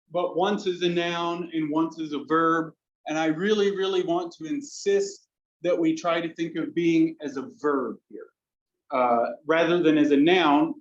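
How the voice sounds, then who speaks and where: A man lectures on philosophy in a fairly high voice, building his argument in long, winding sentences and pressing hard on the points he cares about. He often stops to correct himself mid-phrase. The recording is dull and lo-fi. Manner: discursive, self-correcting, emphatic. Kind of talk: academic talk to an audience.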